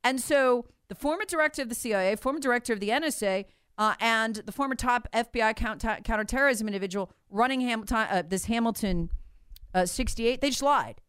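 A woman's voice: fairly high pitch, fairly quick, fairly bright tone, clear, resonant tone, no echo, studio quality. A woman giving emphatic political commentary, repeating her points and acting out what others said. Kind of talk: animated political talk.

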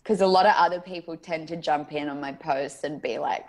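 A young Australian woman in casual chat as a guest, animated and laughing, swearing freely. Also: low voice, fairly quick.

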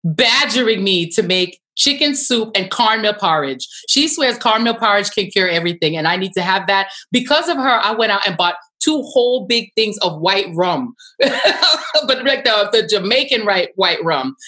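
A woman journalist chatting in a casual interview, animated and emphatic, laughing often. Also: medium pitch, moderate pace. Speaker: TV news journalist and guest.

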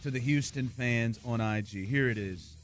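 A man's voice: medium pitch, moderate pace, faint music behind. A man hosting sports talk radio, chatting in an upbeat, conversational way and reading out scores.

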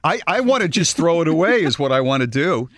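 A man's voice: on the high side, a little fast. A man co-hosting a radio show, bantering and joking in casual talk. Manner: joking, teasing, lively delivery. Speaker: radio co-host.

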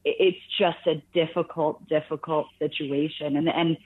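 A woman calling in to a radio show, telling a caregiving story in an earnest, halting way with many restarts. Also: deep voice, flat delivery, husky. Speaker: caller sharing a caregiving story. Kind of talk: phone-in radio conversation. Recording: tinny phone line.

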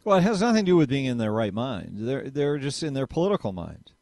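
A man's voice: medium pitch, sing-song, fast talker, vocal fry, a little mellow, no room sound. A man hosting talk radio, emphatic and opinionated, speaking into a studio mic. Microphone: studio microphone.

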